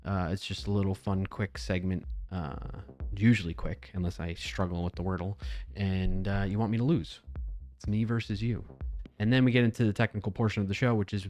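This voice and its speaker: A man hosting a live stream in a casual, upbeat chat, a little low on energy, leading viewers through stretches. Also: fairly even intonation, brisk, darkish tone. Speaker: livestream host.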